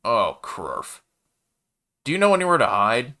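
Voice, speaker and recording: A man's voice: medium pitch, sing-song, normal speed, sharp tone. A man voicing a chatty, easygoing male alien baker in a sci-fi story, with a laid-back, folksy manner. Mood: urgent. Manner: laid-back, folksy, calls the listener kid.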